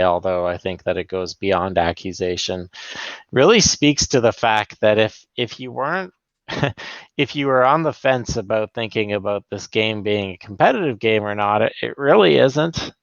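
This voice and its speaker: Halting low-voiced male podcast host. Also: smooth, dry recording, muffled recording. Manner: hesitant, many fillers and restarts, measured. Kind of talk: casual podcast chat.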